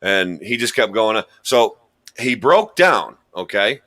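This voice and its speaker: He's a podcast host and quiz contestant whose casual chat is rambling, jokey and self-deprecating as he tells stories. His lowish voice has a sharp tone and is very animated, though he speaks a little slowly.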